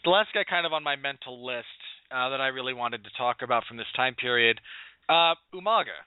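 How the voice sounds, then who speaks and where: A man's voice: medium pitch, fairly quick, smooth, dry recording. A man hosting a podcast in casual chat, recalling details as he talks. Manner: thinking aloud, recalling details mid-sentence. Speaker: podcast host. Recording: tinny phone-like line.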